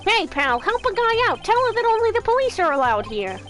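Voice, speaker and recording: A woman's voice: very high voice, very animated, fairly quick, a bit bright, faint music behind, pitched above the performer's own voice, heavily acted. A woman voicing a bumbling male police detective who blusters and calls everyone pal. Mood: blustering. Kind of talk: game voice reading.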